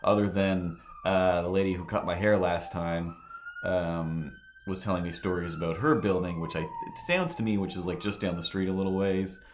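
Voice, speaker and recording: A man's voice: deep voice, normal speed, background noise. A man chatting loosely on a live stream, telling rambling stories full of fillers and restarts. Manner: meandering, filler-heavy storytelling.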